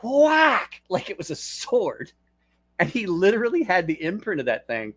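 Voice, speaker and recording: A man's voice: high-pitched, sing-song, moderate pace. A middle-aged man hosting a casual stream from his desk at home, rambling loosely and breaking into laughter while he tells stories. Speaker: channel host. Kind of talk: casual livestream chat and storytelling.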